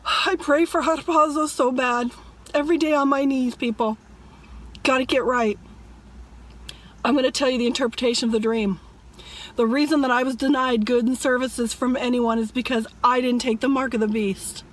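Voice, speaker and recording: A woman's voice: high voice, fairly even intonation, normal speed. A woman vlogger telling a dream in a dramatic, emphatic way and urging viewers to repent. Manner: emphatic, addresses viewers as "people". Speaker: religious vlogger. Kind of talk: dramatic storytelling and preaching.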